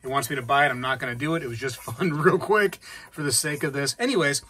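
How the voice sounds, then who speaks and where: A man hosting a casual hobby vlog, chatting and reacting out loud while he plays a game. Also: mid-range voice, fast talker, husky. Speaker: coin-collecting channel host.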